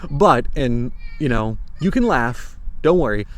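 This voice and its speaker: A young American man with an American accent, talking casually to camera about a book he enjoyed, animated and rambling with restarts. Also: mid-range voice, measured pace. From United States. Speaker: book reviewer.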